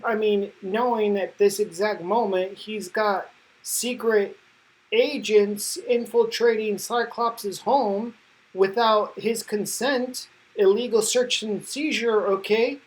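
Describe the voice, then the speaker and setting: A woman's voice: medium pitch, fairly even intonation, slow, rough recording. A woman giving casual, enthusiastic commentary as a comic book reviewer, slangy and full of fillers.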